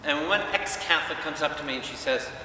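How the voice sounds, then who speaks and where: Man, priest, animated sermon, higher voice, echoey hall, distant mic, noisy room. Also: fast talker. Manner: animated, questions the audience, acts out quotes. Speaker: priest leading Bible study. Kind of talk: lively preaching to a congregation.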